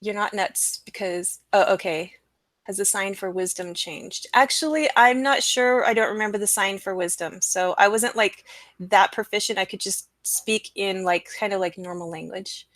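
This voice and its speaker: A young adult woman hosting a casual live stream, talking in an excited, rambling way with lots of fillers. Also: mid-range voice, moderate pace, dry recording. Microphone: computer mic, screen sharing.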